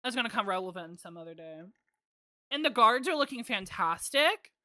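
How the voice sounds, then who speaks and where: A woman's voice: mid-range voice, lively intonation, moderate pace, bright, forceful tone, no room sound, clean studio sound. A woman streamer talking casually over a game, joking and swearing. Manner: chatty, swearing, joking asides.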